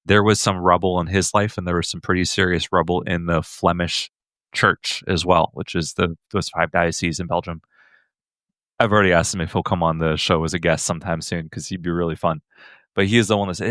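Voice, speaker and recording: A low-voiced man from the United States hosts a casual podcast and tells stories with a playful, joking streak. The recording is dry and close, with no room around his voice. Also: little pitch movement, normal speed, a bit bright, no echo. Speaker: podcast host and author.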